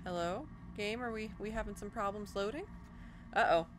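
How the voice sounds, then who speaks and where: A young woman casually commenting on a horror game, muttering to herself and breaking into loud panicked outbursts. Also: mid-range voice, moderate pace. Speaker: let's play host. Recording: noisy game audio behind the voice.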